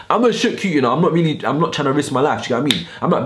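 A man's voice: on the high side, expressive, very fast, hardly any pauses, noisy background. A young man telling a storytime vlog in heavy slang, acting out the voices in his story. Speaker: YouTuber.

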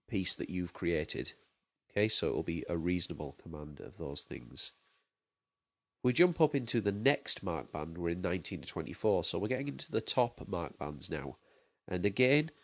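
A man explaining a marking scheme as a drama teacher, measured and listing terms one by one. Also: low voice, no room sound. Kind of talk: explanatory lesson.

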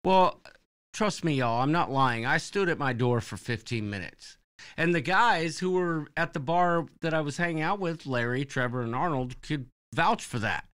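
A man tells a rambling story on a live show. His voice is bright, smooth and clear. He swings his pitch widely as he acts out what others said. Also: moderate pace. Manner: rambling, animated storyteller who acts out quotes. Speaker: podcast co-host. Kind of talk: casual live-stream storytelling.

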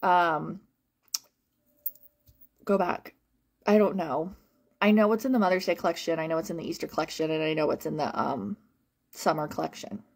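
A woman who works as a home-fragrance consultant, talking casually to viewers in a rambling, animated way with lots of fillers and repeated phrases. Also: low-pitched, normal speed, pauses often. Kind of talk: casual live-stream chat to viewers.

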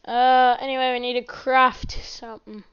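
A woman's voice: sits high, little pitch movement, moderate pace, fairly bright tone, smooth. A woman giving rambling, chatty let's play commentary as a gaming host, often apologizing. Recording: dull lo-fi mic.

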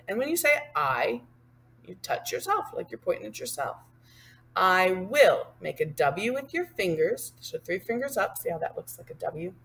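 A woman patiently teaches sign language one sign at a time, slowly explaining each hand movement and then singing the line. Her voice is on the low side and fairly bright, with a breathy edge.

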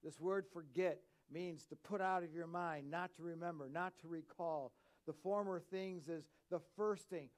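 A man preaching a sermon as pastor in a church, animated, swinging between loud emphatic bursts and quiet asides. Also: on the high side, moderate pace.

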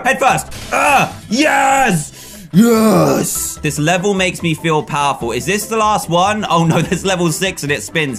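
A man giving excitable gameplay commentary, laughing often and bursting into shouts as he plays. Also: on the high side. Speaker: gaming commentator.

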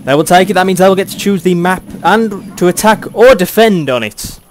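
A young British man doing excitable play-by-play commentary on a video game match, chuckling often. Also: sits high, a little fast, slight background noise.

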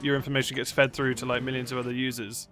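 A man in casual gaming banter, playful, quick to laugh and swearing when the game frustrates him. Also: medium pitch, flat delivery, fairly bright tone. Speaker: regular of a gaming video show. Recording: game music in the background.

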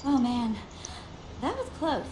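A kind, decisive young heroine in a video game. Her voice sits on the higher side, and she speaks plainly and firmly. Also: sing-song, takes it slowly, crowd noise, exaggerated voice. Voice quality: warm, decisive.

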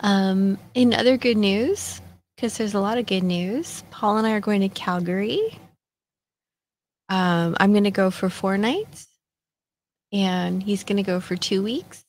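A woman's voice: medium pitch, a little slow, slight background noise. A woman in her fifties hosting a casual solo podcast chat, talking in a chatty, self-mocking way with lots of fillers. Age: 50s. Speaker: podcast host.

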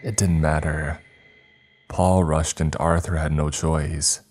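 A man reading the first-person account of a grieving older woman, a former space communications chief, in slow, somber scripted horror narration. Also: very deep voice, little pitch movement, darkish tone, exaggerated voice. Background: faint music.

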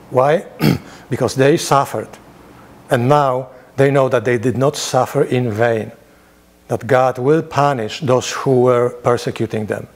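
In a church Bible study, a priest reads scripture aloud in a raised voice, then unpacks it in plain, conversational asides full of rhetorical questions. His voice is male, medium in pitch, with a somewhat dark tone.

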